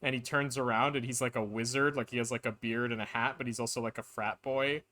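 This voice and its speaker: A man's voice: medium pitch, steady tone, quick pace, sharp tone. A man chatting casually while streaming a game, rambling with lots of restarts and filler words. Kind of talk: casual live-stream chat. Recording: game music playing behind.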